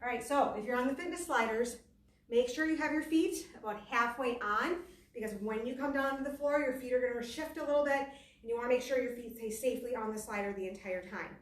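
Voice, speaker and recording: Woman fitness instructor, high voice, echoey room, off-mic. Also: brisk, distant mic. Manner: chatty, self-deprecating, talks while exercising. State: out of breath at times. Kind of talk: instructing a workout class.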